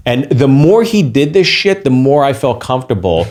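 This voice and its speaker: A man's voice: medium pitch, very animated, normal speed, darkish tone. Profane man telling a heated story. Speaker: comedian. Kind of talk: casual podcast storytelling.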